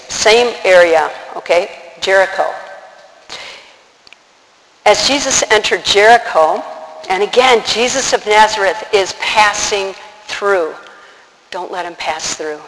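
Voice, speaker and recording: Preacher, male, high voice, storytelling sermon that acts out the lines of the people in each story, long hall reverb. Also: bright, forceful tone.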